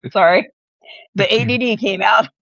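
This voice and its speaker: A woman's voice: mid-range voice, vocal fry, a bit bright, husky, no echo. A woman from the American South, a guest author in a casual podcast interview, talking bluntly with lots of laughter and a mostly toned-down Southern accent. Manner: chatty, blunt, laughs often. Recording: dull, slightly lo-fi audio.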